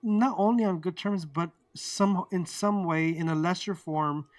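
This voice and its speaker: A fairly high-voiced man tells his own story as an interview guest. He talks in a candid, animated way, acts out heated exchanges and swears without holding back. The mic sits a little away from him in a dry, deadened room. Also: measured pace, dry recording, distant mic. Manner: animated, acts out quoted arguments, swears freely.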